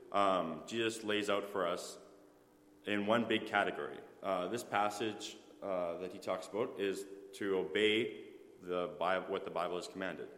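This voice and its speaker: An earnest man preaching a sermon. His voice sits a little low and rings with long reverb through a church hall, and he keeps pausing on fillers and correcting himself. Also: a bit bright.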